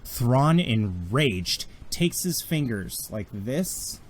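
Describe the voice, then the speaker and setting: A man's voice: mid-range voice, sing-song, extremely slow, a little hiss or hum. A man narrating a tabletop game as game master, telling it vividly with occasional restarts. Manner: vivid, graphic storytelling with restarts.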